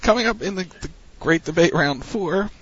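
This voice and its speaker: A man's voice: sits high, expressive, normal speed, a bit bright, slightly rough, highs cut off. A man co-hosting a casual talk show, reading out matchups and teasing the others. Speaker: co-host running the match brackets. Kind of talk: casual chat.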